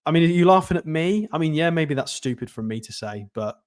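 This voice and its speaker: A man hosting a live football watchalong, chatty and excitable, reading out and thanking viewer messages. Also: on the high side, a little fast. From North East England. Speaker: football channel host. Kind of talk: live match watchalong commentary.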